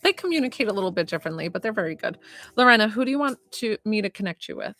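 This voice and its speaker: A woman's voice: medium pitch, lively intonation, rapid-fire, a bit bright, faint music behind. Gushing, tearful woman medium. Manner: gushing, emotional, heavy use of "like" and "um"; often near tears. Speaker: psychic medium. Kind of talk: live-streamed psychic reading to viewers.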